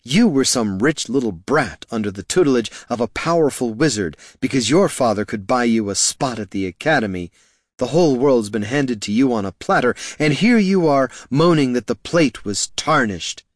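A man's voice: fairly low pitch, animated, a little slow, no room sound, clean studio sound. A man voicing a fierce young woman mage. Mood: scornful. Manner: sharp, snapping, defiant.

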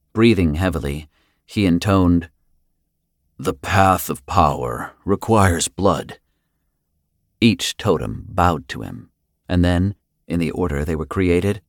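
Low-voiced male audiobook narrator, grave and steady, dry close sound. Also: no echo.

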